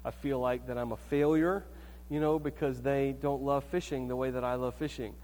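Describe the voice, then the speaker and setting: A man's voice: mid-range voice, steady tone, normal speed, darkish tone. A man preaching a sermon as the pastor, in a conversational, storytelling way with frequent check-ins to the congregation. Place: church sanctuary. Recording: reverberant church hall.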